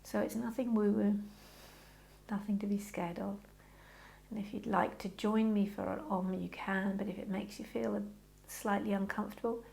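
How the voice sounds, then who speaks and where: A woman leads a yoga class with a gentle, reassuring manner. Her voice carries a gravelly, fry-tinged texture at a middle pitch. She chats warmly between slow, soft breathing cues. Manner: gentle, reassuring, chatty with frequent "okay". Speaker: yoga teacher. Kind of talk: guided yoga class instruction.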